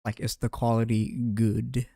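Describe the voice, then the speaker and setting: A man's voice: medium pitch, monotone, unhurried, creaky, dark tone, no room sound, clean studio sound. A young man live streaming, chatting loosely with viewers while gaming, laughing a lot and swearing now and then.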